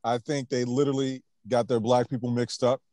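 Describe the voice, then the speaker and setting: A man's voice: mid-range voice, level tone, a little fast, dark tone, dry recording. A man co-hosting a podcast, talking bluntly and profanely with jokes. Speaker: podcast co-host. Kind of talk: casual chat.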